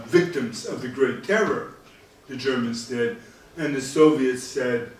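A man giving a public history lecture, speaking in a measured, halting way with frequent fillers. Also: mid-range voice, slight background noise. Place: lecture hall. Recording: echoey hall, mic at a distance.

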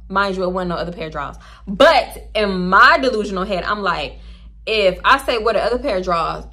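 A woman vlogger telling a storytime in a lively, profane way, acting out both sides of the exchanges. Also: lowish voice.

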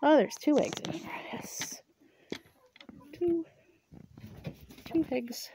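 A woman outdoors in her chicken yard, cooing at and gently scolding her birds as she films them on a handheld camera. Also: high voice, lively intonation, drawn-out words, a little hiss or hum. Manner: coos and scolds her birds softly, often murmuring. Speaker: vlogger tending her chickens. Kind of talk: casual talk to animals.

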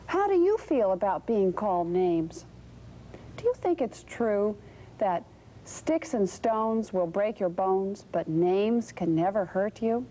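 Children's TV host, woman, mellow and patient, faint old-tape hiss. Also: medium pitch, lively intonation, slow. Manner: gentle, questioning, patient. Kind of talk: talking to young viewers.

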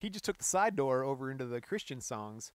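A man co-hosting a casual podcast, joking around and breaking into high mock voices while reading out facts. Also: a little fast, clean tone, no room sound. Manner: animated, jokey, bursts into high mock voices. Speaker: podcast co-host.

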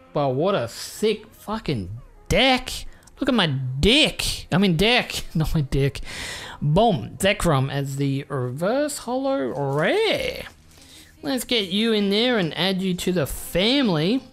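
Excitable swearing Australian guy. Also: sits high, slow pace, faint music behind. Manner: excitable, swears freely, rambling. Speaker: YouTuber. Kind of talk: casual card-unboxing chat.

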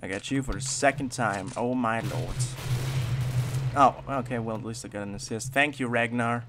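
Young man, gaming commentary, hyper and sweary, loud bursts then mumbles, clear noise and typing behind. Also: medium pitch, moderate pace. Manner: hyper, swearing, swings from shouts to mutters. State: wired on energy drinks. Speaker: gaming channel host. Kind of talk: gameplay commentary.

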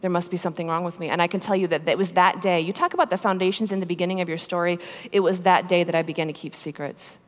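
Speaking fast with hardly any pauses, a Catholic sister shares her testimony at a large conference hall, where the sound echoes. Her lowish female voice stays steady as she tells her story earnestly and conversationally, often saying "right?" and "you know," and becoming emphatic when points hit home.

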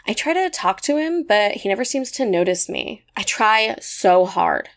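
A woman's voice: mid-range voice, lively intonation, normal speed, close to an everyday voice. A woman voicing an anxious young man, a barista in love, who speaks in a pleading, earnest way.

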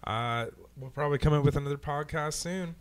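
Laid-back, swearing podcast dude. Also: male voice, fairly high pitch, a little fast, smooth. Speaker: podcast co-host. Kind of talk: casual chat.

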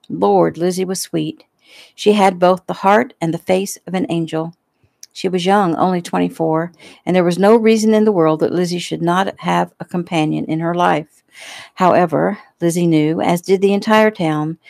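Low-voiced woman reading her novel. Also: no echo. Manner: relaxed, homey storytelling with small slips and throat clearing. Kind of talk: casual audiobook narration.

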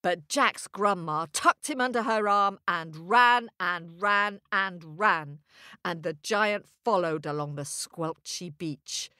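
A woman storyteller narrating a children's story in an animated, sing-song way. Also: fairly low pitch, takes it slowly, dry recording, studio quality.

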